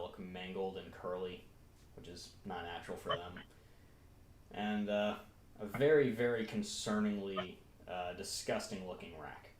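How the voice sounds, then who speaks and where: A man's voice: low voice, reverberant. Guy dming a tabletop game, laughs a lot, faint hiss in the background. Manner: descriptive, laughs often. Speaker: game master.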